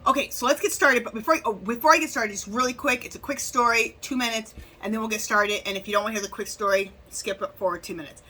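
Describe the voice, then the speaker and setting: A woman's voice: on the high side, fast talker, hardly any pauses, sharp tone, low-quality recording. A woman chatting casually in a craft haul vlog, telling a rambling story with plenty of restarts and asides. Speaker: craft vlogger.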